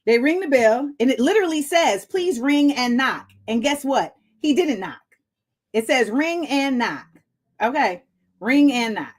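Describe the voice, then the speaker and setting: Animated, breathless comedic woman host. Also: high-pitched, unhurried. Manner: animated storytelling with acted-out quotes. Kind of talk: comedic news commentary.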